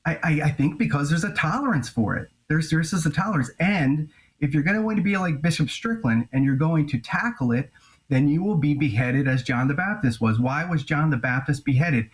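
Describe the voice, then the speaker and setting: A male journalist and author answering interview questions in an earnest, grave way, with halting restarts. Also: fairly high pitch, lively intonation, rough recording.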